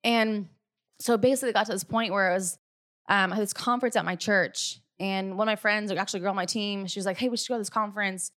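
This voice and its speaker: A woman's voice: medium pitch, steady tone, fast, fairly bright tone. A young woman telling her viewers an earnest personal faith testimony, confiding and casual, with many asides to them. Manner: earnest and confiding, often says "you guys" and "like". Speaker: business team leader.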